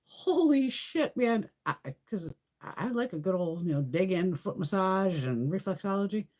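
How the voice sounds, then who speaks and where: A middle-aged woman hosting a beauty livestream, telling stories in a loose, animated way, swearing freely and laughing often. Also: on the low side, normal speed. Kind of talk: casual chat.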